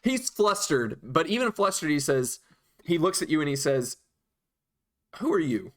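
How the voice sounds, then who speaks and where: A man narrating a tabletop game as dungeon master, animated and quick to laugh. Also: fairly high pitch.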